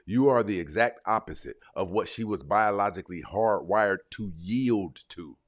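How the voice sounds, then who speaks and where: A dating coach speaks directly to camera in a lowish voice at a moderate pace. He lectures his viewers on dating in a blunt, emphatic way.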